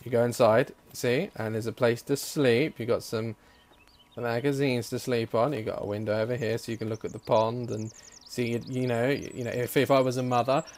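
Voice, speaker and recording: A young man giving jokey gameplay commentary; excitable, with frequent swearing. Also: mid-range voice, moderate pace. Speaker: gaming YouTuber.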